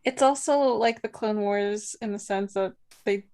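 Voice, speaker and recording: A woman's voice: mid-range voice, unhurried, darkish tone. A woman co-hosting a podcast, chatting casually in a joking, teasing way. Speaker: podcast co-host. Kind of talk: casual chat.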